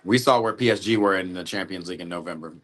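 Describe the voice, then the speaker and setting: A young man with a fairly low voice riffs through a football watch party, tossing out slang and jokes. His talk is loose and animated, like chatting with friends on the couch. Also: fast. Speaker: sports watch-party host. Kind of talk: casual live reaction commentary.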